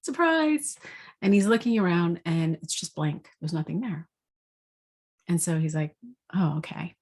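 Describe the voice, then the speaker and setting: A woman, an intuitive energy coach, giving a spoken forecast with gentle, vivid storytelling. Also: lowish voice, moderate pace.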